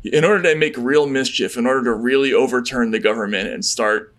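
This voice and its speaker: A man co-hosting a political talk show. His delivery is earnest and worried, full of halting restarts and repeated words as he works through his thoughts. His pitch sits in a plain middle range. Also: fairly bright tone. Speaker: podcast co-host. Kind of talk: casual political chat.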